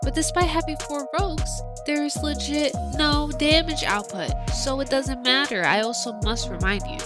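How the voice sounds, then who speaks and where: A woman's voice: sits high, normal speed. A woman hosting a let's play, commenting on the game in a profane, dramatic, ranting way. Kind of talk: casual gameplay commentary. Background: game music.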